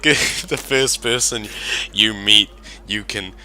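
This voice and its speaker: Bright-voiced man running a game. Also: fairly low pitch, takes it slowly, a little hiss or hum. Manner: rambling, laughs often. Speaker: game master. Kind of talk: narrating a tabletop game.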